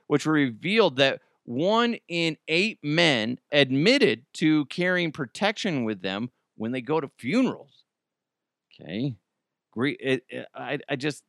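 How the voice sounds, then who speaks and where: A man's voice: on the high side, no room sound, clean studio sound. A man hosting a comedy news podcast, talking in a casual joking way with sudden swearing outbursts, at home. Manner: animated, swears, jokey outbursts. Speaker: podcast host.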